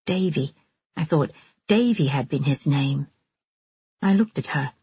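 Audiobook reader, husky low female voice, dry close mic. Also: a little slow, no room sound. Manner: steady, storytelling first-person. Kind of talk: audiobook narration.

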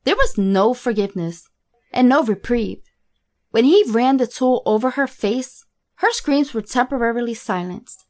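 A woman reading a graphic horror story aloud in a steady, matter-of-fact way. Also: fairly high pitch, normal speed. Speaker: narrator. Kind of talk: scripted horror story narration.

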